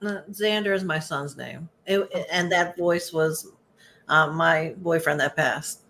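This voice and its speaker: A woman's voice: low voice, takes it slowly, fairly bright tone, a little hiss or hum. A woman guest, a psychic medium, telling personal stories in a candid, chatty way. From Baltimore. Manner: candid, chatty, laughs at herself. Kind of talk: casual personal storytelling.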